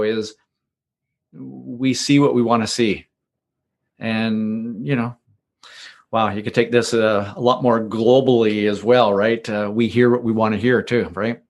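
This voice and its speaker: A man's voice: medium pitch, vocal fry. A man hosting a podcast, chatty and lightly sarcastic, and he laughs often. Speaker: podcast host. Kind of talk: casual interview talk.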